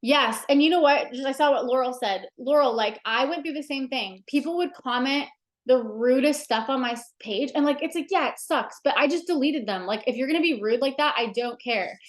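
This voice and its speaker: A woman's voice: sits high, brisk. A woman leading a casual livestream coaching session, talking chattily with lots of fillers and emphatic asides. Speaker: direct sales team leader.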